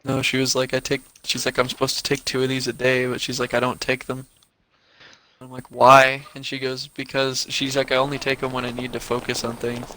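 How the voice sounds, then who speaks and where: Bright-voiced man telling a rambling story. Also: mid-range voice, monotone, brisk, low-quality recording. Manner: profane, rambling anecdote full of quoted back-and-forth. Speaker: streamer. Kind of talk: casual storytelling on a live stream.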